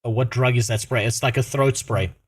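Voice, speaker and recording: A man's voice: medium pitch, fairly even intonation, fairly quick, breathy edge. A man streaming casually with a sore throat, swearing often and ranting animatedly. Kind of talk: casual reaction stream chat.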